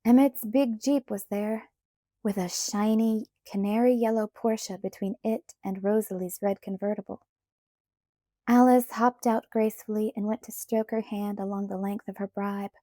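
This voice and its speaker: Woman audiobook narrator, first-person read, warm mellow tone, steady pacing, dry sound. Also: medium pitch, moderate pace, dry recording.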